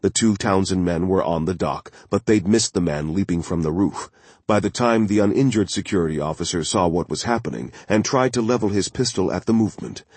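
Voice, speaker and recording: Male thriller narrator, very low, husky, steady, dry booth sound. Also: no echo. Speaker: audiobook narrator.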